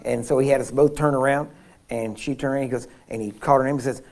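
A man's voice: medium pitch, quick pace, creaky. A man preaching at a healing seminar, telling personal stories with frequent laughs and restarts. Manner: animated storyteller, laughs often, frequent restarts. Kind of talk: sermon with personal storytelling.

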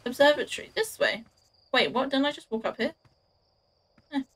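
A woman's voice: high-pitched, normal speed, a bit bright. A young woman streaming a game, chatting casually to herself and her viewers, joking at her own clumsy play. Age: young adult. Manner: chatty, self-mocking, talks to herself and chat while playing. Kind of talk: casual gameplay commentary.

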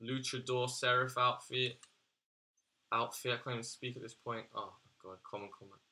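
Bright-voiced young man ranting. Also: medium pitch, normal speed. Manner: exasperated, swearing, slangy and excitable. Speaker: gaming YouTuber. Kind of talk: casual gaming commentary.

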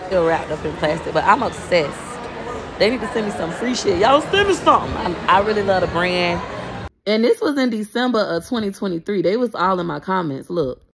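A woman's voice: mid-range voice, animated, moderate pace, fairly bright tone, a little hiss or hum. A woman content creator ranting in a casual vlog, talking straight to her followers, profane and repeating herself when upset. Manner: addresses her followers directly.

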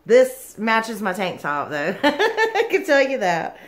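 A woman's voice: fairly high pitch, huge pitch swings, slow. Giggly gushing woman. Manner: gushing, giggly, lots of "like" and "oh my goodness". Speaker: yarn vlogger. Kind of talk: excited unboxing haul vlog.

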